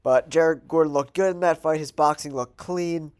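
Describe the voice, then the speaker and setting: A man with a stuffed-up, nasal voice from a cold hosts his own show. He talks casually and thinks out loud, with plenty of fillers as he works through his picks. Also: fairly high pitch, normal speed, smooth. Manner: chatty, thinking aloud with fillers. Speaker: host. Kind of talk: casual betting predictions monologue.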